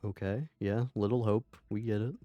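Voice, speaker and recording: A man's voice: lowish voice, fairly even intonation, moderate pace, lo-fi sound. A man streaming a horror game, commenting casually with wry jokes. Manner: joking, wry, laughs often.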